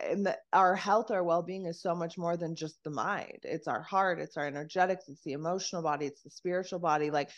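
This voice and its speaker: A woman with a fairly low voice speaks as a podcast guest in a loose, conversational way. She leans on filler words, swears casually, and slips into voicing her own inner questions as she explains.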